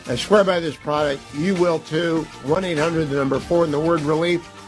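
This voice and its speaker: A man's voice: a little high, fairly even intonation, normal speed, soft background music. A middle-aged man hosting a radio talk show, reading ads live in an emphatic, conversational way and repeating phone numbers.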